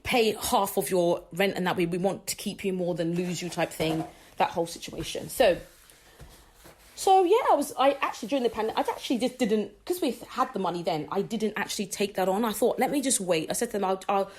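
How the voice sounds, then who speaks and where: A woman, hosting a gospel radio show and telling a personal story in an animated way, acting out what others said and laughing often. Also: medium pitch, fast talker, slight background noise. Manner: animated, acts out quoted dialogue, laughs often.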